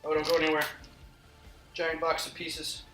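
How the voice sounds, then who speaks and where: A man's voice: fairly high pitch, monotone, normal speed. A man hosting a livestream from home, chatting casually and joking while building brick models. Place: home, indoors. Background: background music.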